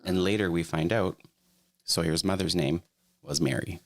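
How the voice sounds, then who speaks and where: A woman's voice: very deep voice, normal speed, darkish tone. A woman co-hosting a podcast, running the trivia and telling behind-the-scenes stories in a chatty, casual way. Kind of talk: casual chat.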